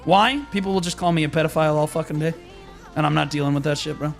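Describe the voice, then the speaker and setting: High, gravelly young man streaming a game. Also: fast, soft background music. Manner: frustrated, profane, rambling with repeated restarts. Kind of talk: live-stream rant.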